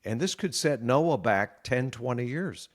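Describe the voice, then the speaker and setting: A middle-aged meteorologist in a conversational interview, explaining earnestly and sounding worried. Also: male voice, mid-range voice, lively intonation, a little slow. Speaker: meteorologist guest.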